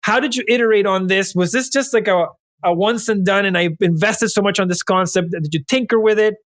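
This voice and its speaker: A man's voice: high voice, fairly quick, a bit bright, no room sound. A man hosting an interview, talking in an enthusiastic, effusive way. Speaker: podcast host. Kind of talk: casual interview chat.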